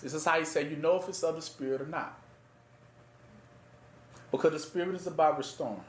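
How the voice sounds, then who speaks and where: A man with a fairly high voice gives an informal Bible teaching in a plain, conversational way. He keeps asking his listeners to finish his sentences. The sound bounces around a roomy, echoing space. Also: fairly even intonation, brisk, slight background noise. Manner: rhetorical fill-in-the-blank questions to listeners. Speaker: preacher teaching scripture. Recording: echoey room.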